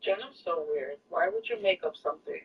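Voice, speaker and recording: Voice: mid-range voice, expressive, a little fast, slightly rough. A listener in casual chat, cutting in with blunt, judgmental remarks. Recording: distant, dull lo-fi recording.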